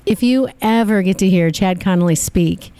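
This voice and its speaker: A woman hosting an interview show, warm, effusive and teasing with her guest. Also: medium pitch, normal speed, clean tone. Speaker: show host.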